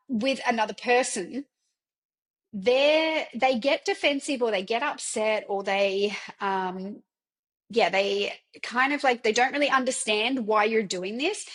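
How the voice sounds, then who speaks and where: A woman's voice: on the high side, a bit bright, husky. A woman hosting a personal podcast, talking candidly in a loose, chatty way, full of fillers and the odd swear word. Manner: candid, chatty, many fillers like "like" and "you know"; occasional swearing. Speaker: podcast host.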